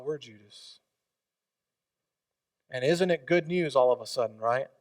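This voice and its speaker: A man preaching a sermon, swinging from loud emphatic lines to quiet hushed ones. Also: on the high side, no echo, recorded from a distance. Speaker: pastor.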